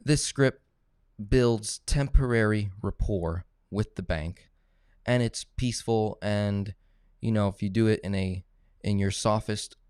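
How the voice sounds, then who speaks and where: Low-voiced man coaching on finance. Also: unhurried, a little mellow, clear, resonant tone, dry recording, studio quality. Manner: coaching, tag questions like "right?" and "okay?", acts out phone calls. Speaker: finance educator. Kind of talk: casual teaching talk.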